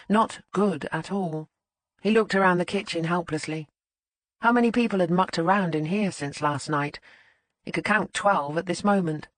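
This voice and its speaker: A mid-pitched audiobook narrator reading a mystery in a measured, even storytelling style. The sound is dry and close to the microphone, with no room around it. Each character gets only a small change of voice. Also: dry recording. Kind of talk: scripted narration.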